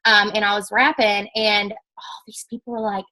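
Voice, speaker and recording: A young woman speaking at a business talk, telling her story in a chatty, animated way and acting out the quotes. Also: medium pitch, normal speed, faint music behind, low-quality recording. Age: young adult. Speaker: network marketing speaker.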